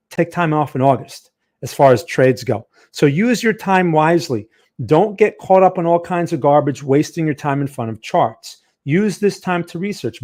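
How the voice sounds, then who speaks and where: New Jersey-accented man, fairly high voice, chatty live-stream trading teacher. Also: darkish tone. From Northern New Jersey, USA. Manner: chatty, talks to chat viewers. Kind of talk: live-stream market lesson.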